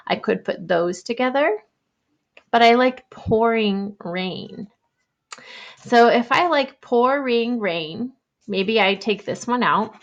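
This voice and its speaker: A young adult woman teacher giving an online writing lesson to young children, thinking aloud in a gentle, encouraging way. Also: fairly high pitch, expressive, slow pace, highs cut off.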